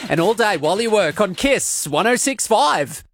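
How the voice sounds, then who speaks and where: A man reading the weather and station promos on the radio in a brisk announcer delivery. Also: sits high, sing-song, a bit bright, faint music behind.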